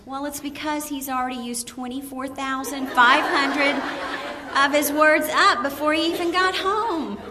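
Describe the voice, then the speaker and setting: A woman giving an animated storytelling talk to a women's gathering, laughing often and acting out the people in her story. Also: high voice, a little slow, crowd noise, background noise. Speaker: women's ministry speaker. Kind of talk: storytelling sermon to a live audience.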